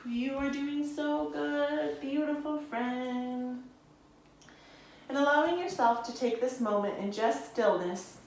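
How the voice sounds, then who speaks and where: A young woman with a fairly high voice leads a yoga practice in a soothing, encouraging tone. She is heard from a distance in a strongly echoing room, with faint noise underneath. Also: slow pace, a little mellow. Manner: soothing, encouraging, calls listeners friends. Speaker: yoga teacher. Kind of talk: guided yoga instruction.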